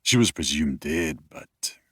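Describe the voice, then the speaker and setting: A brooding young wolf king with a very deep, husky voice for a fantasy romance audiobook. He talks in an easygoing, teasing way. The studio sound is close and completely dry. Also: animated, unhurried, no room sound, exaggerated voice. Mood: wistful. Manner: easygoing, teasing, turns quiet and wistful. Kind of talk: dual-narration audiobook acting. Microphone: close studio mic, dry.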